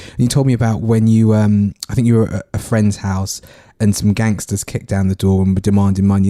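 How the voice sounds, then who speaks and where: A man's voice: on the low side, dark tone, no room sound, studio quality. A man hosting a podcast interview, asking long, carefully framed questions. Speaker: podcast host.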